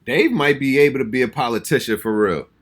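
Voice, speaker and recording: A man's voice: mid-range voice, a little fast, noisy background. An American man hosting a reaction channel, talking casually and exclaiming as he reacts, often repeating himself. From United States. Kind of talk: casual music reaction commentary.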